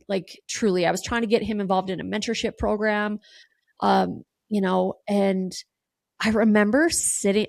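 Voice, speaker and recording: A woman's voice: mid-range voice, vocal fry, no echo. A woman in her thirties hosting a podcast, telling a raw personal story with plenty of fillers and casual swearing. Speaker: podcast host.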